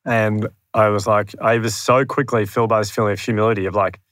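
An Australian man speaking as a podcast guest, his voice sitting low with a very dry, close sound. He tells his story earnestly and pokes fun at himself, often acting out his past thoughts. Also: steady tone, a little fast, fairly bright tone, dry recording. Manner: earnest, self-deprecating, acts out his own past thoughts. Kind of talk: candid storytelling in conversation. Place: room near his home.

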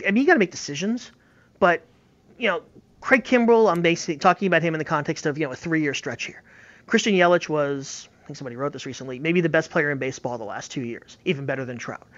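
A man's voice: a little high, a bit bright. A man talking baseball in a casual, emphatic and opinionated way. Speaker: baseball analyst. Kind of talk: casual sports talk. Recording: slightly dull lo-fi audio.

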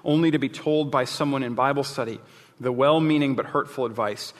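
A man's voice: mid-range voice, brisk, long reverb tail. A male pastor giving a sermon, candid and jokey, with emphatic asides.

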